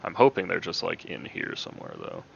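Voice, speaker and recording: Deep gravelly man playing a strategy game. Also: brisk, highs cut off, slight background noise. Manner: thinking aloud, relaxed. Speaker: gaming video host. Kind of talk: casual game commentary.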